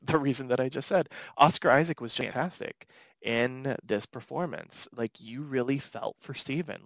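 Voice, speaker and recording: A man's voice: mid-range voice, a bit bright, no echo. A man hosting a casual podcast chat, talking in an upbeat, playful way. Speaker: podcast host.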